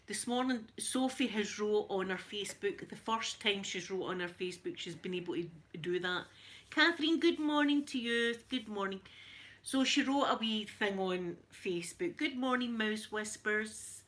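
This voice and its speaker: A woman's voice: medium pitch, lively intonation, normal speed, fairly bright tone. A middle-aged Scottish woman chatting on a live stream, greeting viewers by name and laughing often as she talks. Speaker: vlogger. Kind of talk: casual live-stream chat.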